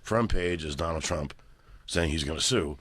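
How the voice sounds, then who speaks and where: Low voiced comedian guy rattling off a story quick, dry sound. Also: breathy edge, no echo. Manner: animated storyteller, acts out quoted voices. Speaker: guest comedian. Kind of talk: casual storytelling.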